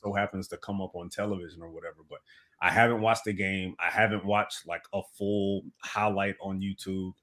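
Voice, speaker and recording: A man appearing as a guest on a fan podcast, telling stories in an animated, emphatic way. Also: sits low, brisk. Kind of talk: casual sports chat.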